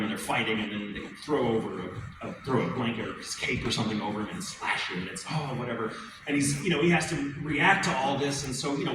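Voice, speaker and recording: A man who voices characters, telling animated stories on a convention panel stage, recorded from a distance in a large hall. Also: medium pitch. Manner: animated storytelling, quick asides. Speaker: voice actor, panel guest. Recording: echoey hall from far off with noise.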